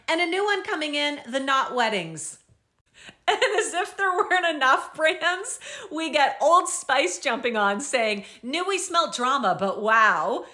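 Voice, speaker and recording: A woman's voice: high-pitched, big pitch swings, a little slow, bright, forceful tone. A young woman host recapping and reading out social media comments in an upbeat, bubbly way.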